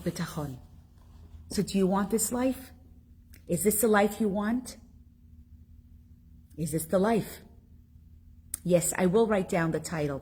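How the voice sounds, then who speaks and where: A woman teaches a live religious class online, voicing viewers' comments as she goes. Her slightly rough voice is full of feeling, soaring with excitement at times and falling nearly to a whisper at others.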